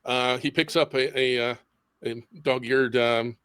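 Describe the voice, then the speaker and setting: A man's voice: mid-range voice, steady tone, unhurried, very noisy. A man playing a tabletop role-playing game, hesitant, with lots of ums and restarts. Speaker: player. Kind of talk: in-character tabletop play.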